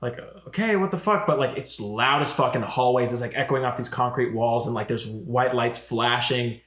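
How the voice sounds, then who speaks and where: A young man co-hosts a casual podcast, telling animated stories loaded with swearing and filler likes. His mid-range voice runs a little fast, and the recording sounds roomy.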